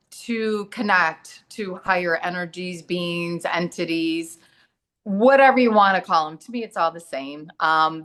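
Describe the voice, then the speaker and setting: A woman's voice: fairly low pitch, bright, forceful tone. A middle-aged woman, a medium and massage therapist, talking earnestly as a guest and acting out the voices in her stories. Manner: earnest, storytelling, acts out quoted dialogue. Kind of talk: casual talk-show conversation.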